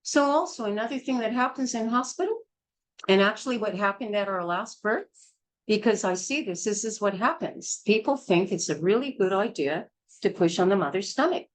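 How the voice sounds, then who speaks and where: A woman's voice: medium pitch, lively intonation, normal speed, low-quality recording. A woman teaching a childbirth class in a blunt, emphatic, hard-hitting way. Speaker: childbirth educator.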